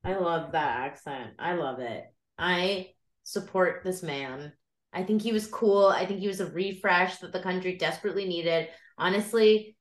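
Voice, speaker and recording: A woman's voice: lowish voice, moderate pace. Giggly woman podcaster in an echoey room. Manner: giggly, gushing, breaks into impressions. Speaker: podcast co-host. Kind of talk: casual chat.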